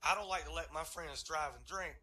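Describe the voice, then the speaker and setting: Picture a man telling a stand-up story with a very bright, sharp voice pitched high for a man. He is animated and profane and keeps chuckling through his lines. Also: fairly quick. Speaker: stand-up comedian.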